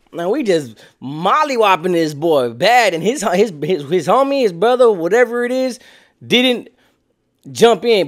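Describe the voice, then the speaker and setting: A man in his twenties tells a story in loose slang, lively and a little higher-pitched than most men. He throws in sound effects and acts out the other people as he goes. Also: measured pace. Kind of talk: casual storytelling.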